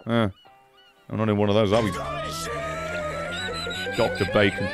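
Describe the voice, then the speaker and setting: A man's voice: on the low side, little pitch movement, a little slow, music in the background. A man in his thirties giving live, sweary game commentary, ranting at the game in exasperation. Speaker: gaming streamer.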